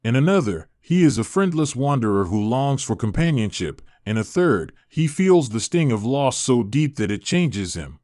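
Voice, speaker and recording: A man narrating a bedtime history story in a calm, soothing, slow voice. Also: medium pitch, no echo, studio quality. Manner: slow, soothing, even delivery.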